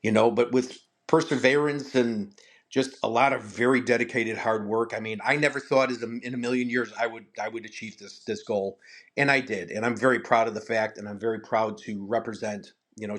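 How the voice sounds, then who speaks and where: Older male interview guest, lively storyteller, restarts and repeats, plain conversational voice. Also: fairly low pitch, moderate pace. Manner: animated storyteller, acts out quotes, repeats words. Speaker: martial arts guest.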